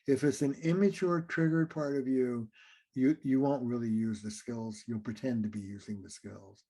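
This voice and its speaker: A man's voice: medium pitch, fairly even intonation, moderate pace, warm tone. A man, a relationship therapist, explaining ideas in an interview and acting out little scenes between partners.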